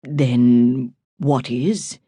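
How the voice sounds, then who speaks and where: A woman's voice: extremely low pitch, steady tone, very slow, dark tone, slightly rough, no room sound, full character voice. A woman voicing a shaken male priest in an audiobook, speaking nervously while trying to sound reassuring. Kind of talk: audiobook character voice.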